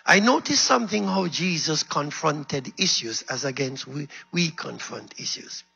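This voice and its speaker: A high-pitched male preacher delivers a fiery sermon, his voice husky and gravelly. He calls out to the congregation and veers between shouting and quiet asides. The recording sounds dull and lo-fi. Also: measured pace. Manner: animated, swinging from loud shouts to low murmurs.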